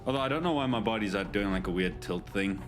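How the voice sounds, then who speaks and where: Lively man chatting on a stream. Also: fairly low pitch, fast, music in the background. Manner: chatty, joking with chat, lots of restarts. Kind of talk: casual live-stream chat.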